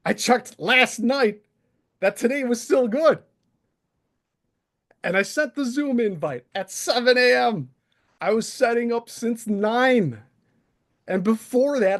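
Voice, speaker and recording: A male livestream host delivering an exasperated, profane, confrontational rant straight to the camera. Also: sits high. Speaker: channel host. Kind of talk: ranting livestream monologue.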